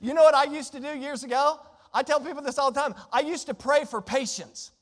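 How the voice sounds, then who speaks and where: A man preaching a sermon to a congregation, shifting between impassioned, conversational preaching and quiet pleading. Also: very high voice, fairly quick. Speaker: pastor. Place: church sanctuary. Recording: long church reverb.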